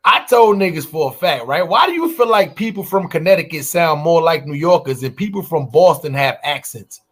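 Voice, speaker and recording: A man from New York co-hosting a podcast, talking in a blunt, profane, animated casual way. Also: a little high, normal speed. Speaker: podcast co-host. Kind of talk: casual chat.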